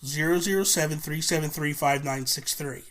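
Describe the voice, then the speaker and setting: A man's voice: on the high side, normal speed, fairly bright tone. A man in his forties, a podcast guest in casual chat, telling stories animatedly and swearing freely. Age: 40s.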